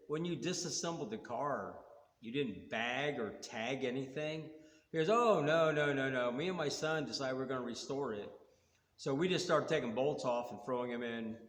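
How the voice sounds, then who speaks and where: Man, casual rambling car storyteller, even mid voice, roomy echo with long tail. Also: medium pitch. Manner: rambling, retells dialogue with quoted back-and-forth. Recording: echoey room with long reverb.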